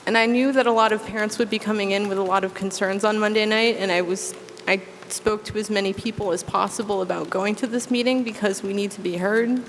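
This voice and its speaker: A woman's voice: medium pitch, fairly even intonation, brisk. A woman in her thirties speaking as a school committee member at a public meeting, making an earnest, impassioned appeal. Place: town meeting room. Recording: echoey meeting hall, faint background noise.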